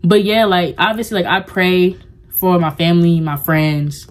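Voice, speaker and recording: Low-voiced young woman vlogging. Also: steady tone, a little slow. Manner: rambling and heartfelt, heavy use of "like". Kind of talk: casual confessional vlog talk.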